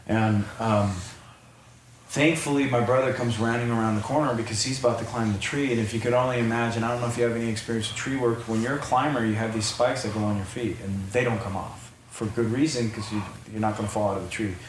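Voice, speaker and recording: Man, low voice, rambling storyteller, roomy echoey room, faint background hum. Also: steady tone, fast talker. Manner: rambling, repeats words and restarts. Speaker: podcast guest. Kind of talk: recounting a personal story. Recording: roomy echo, faint ambience.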